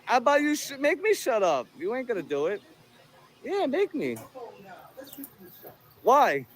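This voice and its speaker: A man's voice: extremely high pitch, wildly swooping pitch, measured pace. A man filming outdoors on a handheld phone, taunting people in a profane, combative way. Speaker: video host filming encounters. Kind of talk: confrontational street filming.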